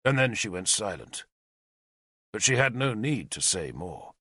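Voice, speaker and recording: A man's voice: on the low side, big pitch swings, a little slow, sharp tone, dry recording, studio quality. A man narrating an audiobook expressively, voicing every character. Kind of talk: scripted narration.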